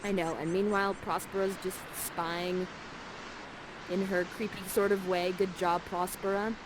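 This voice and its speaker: A woman's voice: fairly low pitch, flat delivery, unhurried, noisy background. A woman playfully narrating and directing players through a live play, coaxing and jokey, on a headset mic. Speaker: immersive theater performer guiding players.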